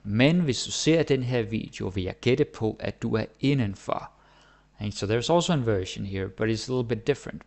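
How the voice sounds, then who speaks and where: A man teaching his language in a relaxed, chatty way, often checking in with "right?". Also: lowish voice, fairly quick, creaky. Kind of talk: casual explanatory lesson.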